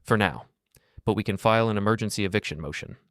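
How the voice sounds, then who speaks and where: A man voicing a calm, capable male lawyer in a story, brisk and reassuring. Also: lowish voice, dry recording, studio quality, close to an everyday voice. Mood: businesslike.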